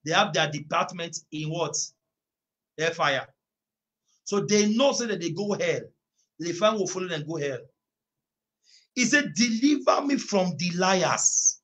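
A male preacher with a high voice and a forceful, bright tone. He speaks slowly and keeps repeating his lines. He stretches words out into loud shouts as he drives home a sermon for an online prayer meeting. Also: lively intonation. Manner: emphatic, repeats phrases, bursts into drawn-out shouts. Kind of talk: online sermon with scripture reading.

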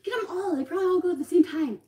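A woman's voice: very high-pitched, racing. A woman with a Texas accent, chatting casually and bluntly while unboxing a storage unit, joking and exclaiming as she sorts through the items. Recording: echoey with loud background noise.

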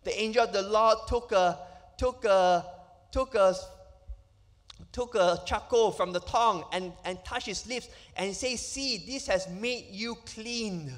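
This high-pitched male voice belongs to a pastor from Malaysia, delivering his emphatic, question-filled sermon a little slowly. The recording carries the long reverberation of a church hall.

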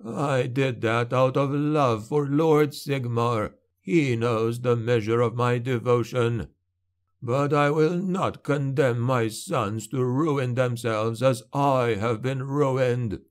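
A man voicing a frail old male patriarch who speaks with a lisp, slow and pleading in despair. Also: mid-range voice, fairly even intonation, close to an everyday voice. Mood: resolute. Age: older.

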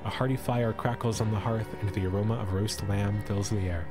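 A man's voice: on the low side, steady tone, a little fast, over music. A young man streaming live, reading an adventure story aloud and breaking off to joke with his chat. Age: young adult. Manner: playful, breaks off to joke and comment. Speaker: esports streamer.

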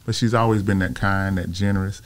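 A man in his fifties, a filmmaker guest on an interview show, telling personal stories in a casual, animated way and acting out the voices of people he quotes. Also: sits low, brisk. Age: 50s.

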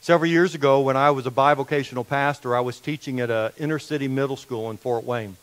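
A middle-aged male guest pastor preaching a sermon, telling stories loudly, then dropping to a hushed, intense tone. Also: medium pitch, steady tone, fast talker, low-quality recording.

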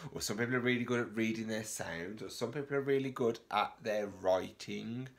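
A man teaching a reception class remotely, reading a picture book aloud with gasps and questions to the children. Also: mid-range voice. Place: home, remote lesson video.

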